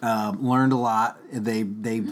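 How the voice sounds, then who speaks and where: A man's voice: on the low side, fairly even intonation, takes it slowly. A middle-aged man chatting as a podcast guest, joking and rambling. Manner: jokey, rambling. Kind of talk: casual chat.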